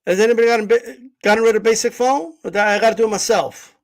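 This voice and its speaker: A man's voice: high-pitched, steady tone, fast talker. A man hosting a boxing channel livestream, ranting in a blunt, profane, confrontational way. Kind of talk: livestream rant.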